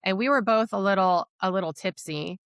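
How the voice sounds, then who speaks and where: Woman telling her story on a podcast, candid, lots of likes and ums, smooth dry sound. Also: medium pitch, brisk, a bit bright, no echo. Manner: candid, reflective, many fillers. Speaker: podcast guest. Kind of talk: personal storytelling.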